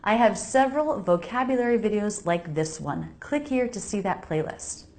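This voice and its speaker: An American woman teaching English pronunciation, slowly repeating each word for the listener to copy. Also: medium pitch, lively intonation, darkish tone. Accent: General American. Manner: slow, precise, repeats words for practice. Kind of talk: pronunciation lesson voice-over.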